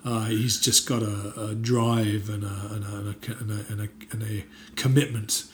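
A man's voice: lowish voice, little pitch movement, normal speed, slight background noise. A man being interviewed as an actor, chatting casually with many fillers and restarts and bursts of emphatic enthusiasm. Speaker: actor guest.

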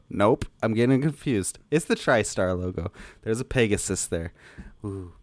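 A man's voice: lowish voice, unhurried, dry recording. A man co-hosting a podcast in casual, jokey chat, often trailing off mid-thought. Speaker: podcast co-host.

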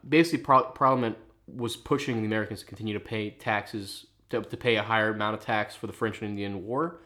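A man co-hosts a casual history podcast, rambling, swearing and restarting often as he explains. His voice sits on the low side, steady and a bit bright, and he talks fast.

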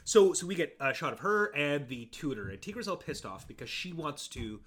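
A man co-hosting a casual podcast, retelling film scenes with jokes and quick put-on voices. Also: on the high side, very animated, a bit bright. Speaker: podcast co-host. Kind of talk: casual chat recapping a film.

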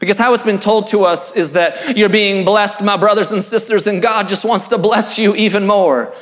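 A man's voice: high voice, normal speed, fairly bright tone, in a large hall. A man putting on a Southern accent to play a syrupy prosperity preacher. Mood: mock-sweet.

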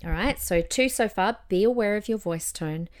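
A woman's voice: mid-range voice, moderate pace, darkish tone. A young adult woman hosting a casual advice podcast, talking in an encouraging way and demonstrating voice changes as she goes. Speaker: podcast host and voice coach.

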